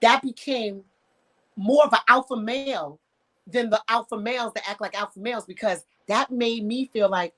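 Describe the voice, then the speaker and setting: A woman's voice: fairly high pitch, moderate pace. A woman sexologist on a radio talk show who tells stories frankly and with emphasis, acting out the quotes and using slang. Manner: emphatic, animated storytelling with acted-out quotes. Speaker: sexologist guest. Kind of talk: candid radio conversation.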